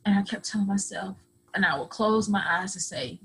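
A woman's voice: medium pitch, fairly even intonation, brisk, gravelly, a bit bright, a little hiss or hum, poor audio. A woman guest on a podcast, telling her own story earnestly and acting out other people's words in dialogue. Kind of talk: personal storytelling.

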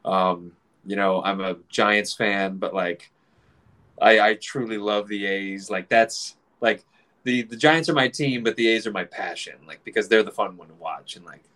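A man in his forties telling a casual story, animated, swearing freely and acting out other people's voices. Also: fairly low pitch, moderate pace.

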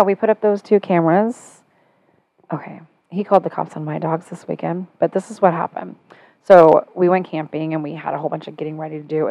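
A middle-aged woman hosting a casual podcast chat, telling a story with animated, sarcastic energy and getting louder as she goes. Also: deep voice, gravelly, no room sound, highs cut off. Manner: animated storytelling, sarcastic when quoting herself.

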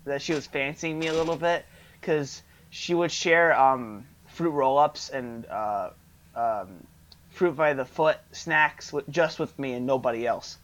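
A man's voice: medium pitch, measured pace. A young man co-hosting a podcast, telling a story in casual chat and acting out the dialogue. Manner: animated storyteller, acts out dialogue. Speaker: podcast co-host. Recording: dull lo-fi podcast audio.

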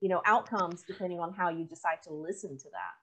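A woman who coaches communication, talking through ideas in a casual conversation, animated and quick to laugh. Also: lowish voice. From United States. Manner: animated, explanatory, laughs easily.

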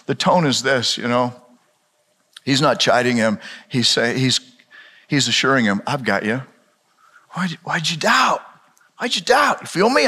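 Male pastor preaching, dramatic storytelling, bright tense voice, long hall reverb. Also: mid-range voice. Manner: dramatic storytelling, rhetorical questions. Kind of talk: sermon.

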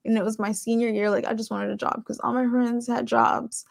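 Young woman host, raspy fry in a slightly high voice, chatty and rambling, dry close sound. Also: flat delivery, fairly quick, dry recording. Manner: conversational, rambling, with many fillers. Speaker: podcast host. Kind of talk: casual faith testimony.

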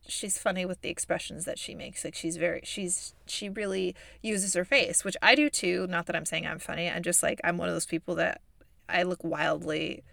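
Chatty woman doing a fake midwestern accent, bit of vocal fry, dry close sound. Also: fairly low pitch, no room sound. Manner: expressive, chatty, laughs often. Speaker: podcast host reviewing a movie. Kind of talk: casual chat.

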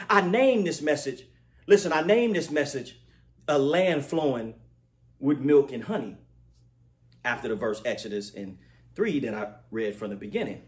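A man giving an impassioned scripture lesson, emphatic, often laughing and asking his listeners to confirm. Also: high voice. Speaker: religious teacher.

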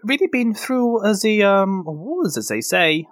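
A man's voice: high-pitched, big pitch swings, unhurried, a bit bright, dry recording, clean studio sound, voice pushed up, heavily acted. A man voicing a fussy, cheerful priestess-healer with a raised, prim voice. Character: fussy male priestess-healer, chirpy and proper.

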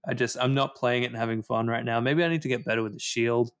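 A man's voice: mid-range voice, steady tone, fast, a bit bright, clean tone. A man ranting about a video game in casual chat, swearing often. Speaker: podcast co-host.

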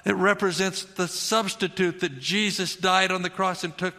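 A man's voice: sits high, steady tone, normal speed, bright, forceful tone, long reverb tail. A middle-aged male pastor preaching a sermon in an earnest, conversational way, repeating his phrases for emphasis.

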